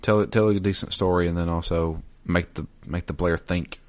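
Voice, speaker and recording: Very deep-voiced man, relaxed podcast chat. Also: normal speed. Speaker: podcast co-host. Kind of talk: casual chat, reading a listener's message aloud.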